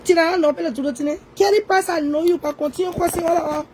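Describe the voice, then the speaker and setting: A woman delivers a ranting social media commentary in a high voice. She scolds her target directly and circles back to the same points again and again. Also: fairly even intonation, very fast, a little mellow, slight background noise, poor audio. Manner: scolding, repetitive, confrontational. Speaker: online commentator.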